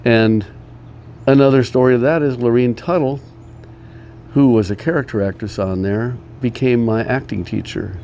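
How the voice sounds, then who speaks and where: A man's voice: medium pitch, warm tone, dull audio. An older man telling rambling personal stories in a casual, meandering way, chuckling often. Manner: meandering, chuckling, many pauses. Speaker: storyteller. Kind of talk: casual storytelling.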